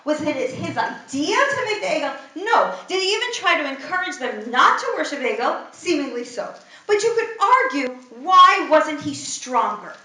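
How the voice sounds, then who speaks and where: Lively woman teacher with a high, bright voice, asking the class questions, captured from far off in an echoey room. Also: moderate pace. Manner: animated, asks the class rhetorical questions. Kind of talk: text study class.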